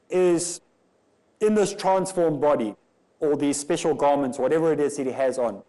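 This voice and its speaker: A man's voice: on the high side, warm tone, poor audio. A man from Africa, giving a religious lecture and arguing through rhetorical questions. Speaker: Islamic lecturer.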